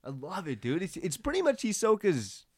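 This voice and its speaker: A man's voice: high-pitched, wildly swooping pitch, normal speed, no echo, studio quality. A man in casual chat, animatedly recapping scenes in a loose, joking way.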